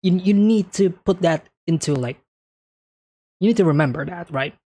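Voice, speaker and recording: A man's voice: high-pitched, moderate pace, dark tone. A man hosting an anime reaction, talking casually and thinking aloud as he comments on each scene, often checking in with "right?".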